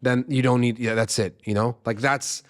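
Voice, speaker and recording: Excited man. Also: mid-range voice, normal speed. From Arab world. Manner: excited, emphatic, repeats himself. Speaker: music reaction channel host. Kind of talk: casual reaction commentary.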